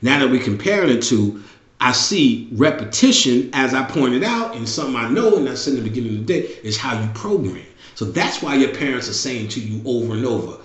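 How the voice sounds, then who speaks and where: A man's voice: medium pitch, animated, normal speed. Blunt, swearing middle-aged man, roomy sound. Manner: blunt, heavy swearing, repeats phrases. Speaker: show host. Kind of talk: casual profane monologue. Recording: roomy, dull lo-fi recording.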